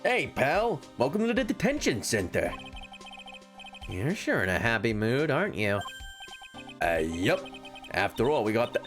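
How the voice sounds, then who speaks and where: A man reading a friendly, gruff male police detective aloud in a chummy manner, for a game playthrough. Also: medium pitch, sing-song, unhurried, pauses often, fairly bright tone, faint music behind, voice pushed down. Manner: chummy, calls people pal.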